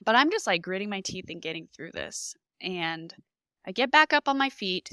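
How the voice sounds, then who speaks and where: Woman, young adult, podcast guest; crisp, bright tone; emotional, lively storyteller, dry close sound. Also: mid-range voice, normal speed, no echo. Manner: animated, emotional retelling with lively reenacted quotes. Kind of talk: personal storytelling in a podcast interview.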